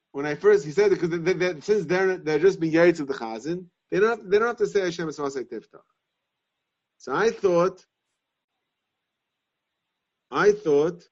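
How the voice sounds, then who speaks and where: A man giving a Talmudic lesson, reasoning aloud in halting, repeated phrases. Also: fairly high pitch, a little mellow. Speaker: Torah class teacher. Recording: dull lo-fi sound.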